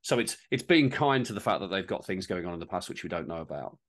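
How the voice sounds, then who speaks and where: A man's voice: sits low, big pitch swings, fast talker. A man co-hosting a podcast, reflecting in casual chat with restarts and wry asides. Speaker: podcast co-host.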